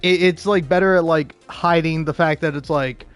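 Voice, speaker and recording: Male game streamer, fairly high voice, profane, rambling, faint music beneath. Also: normal speed, hardly any pauses. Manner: rambling, profane, stammering restarts. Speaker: gaming video host. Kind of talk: casual ranting commentary over gameplay.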